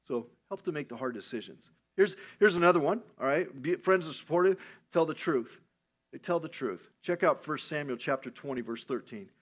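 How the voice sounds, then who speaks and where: Man, pastor, sermon, conversational, lively storytelling, fairly high voice. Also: normal speed.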